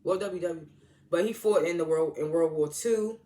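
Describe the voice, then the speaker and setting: A man's voice: on the high side, moderate pace, mellow. A man casually recapping a TV episode in a rambling, slangy way, full of "like" and restarts. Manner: rambling, heavy use of "like", restarts; slangy, informal grammar. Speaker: TV episode reviewer.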